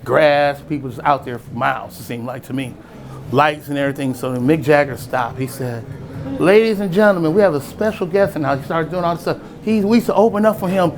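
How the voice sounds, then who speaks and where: A middle-aged man from East Oakland tells a personal story in a loose, casual way, his voice sitting a touch high for a man. He keeps it animated, slipping into the voices of the people he quotes and chuckling as he goes. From East Oakland, California. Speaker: storyteller and spirits brand founder.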